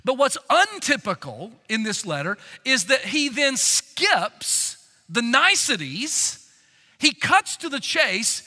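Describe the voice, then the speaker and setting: A man preaching an expository sermon, reading scripture and explaining it with emphatic swings from loud to quiet. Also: very high voice. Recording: long hall reverb.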